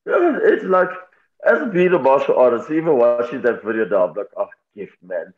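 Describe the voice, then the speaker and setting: A man's voice: medium pitch, wildly swooping pitch, a little fast. A man, a fighter talking candidly and reflectively in an interview, laughing easily. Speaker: MMA fighter, guest. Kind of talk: casual interview talk. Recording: tinny phone-like line.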